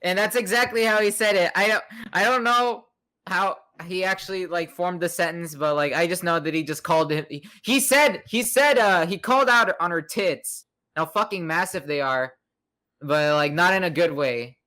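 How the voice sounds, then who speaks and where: This young male podcast host has a high-pitched, sharp-toned voice and talks at a normal speed. His casual chat rambles and turns profane, full of fillers and restarts.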